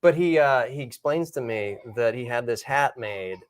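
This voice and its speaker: A middle-aged man tells a rambling, self-deprecating showbiz story with lively, easy energy. His mid-range voice sits close and dry on the microphone, with no room sound at all. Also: medium pitch, normal speed, clean tone, dry recording. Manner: animated, self-mocking, rambling anecdotes. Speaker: guest actor. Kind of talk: casual storytelling.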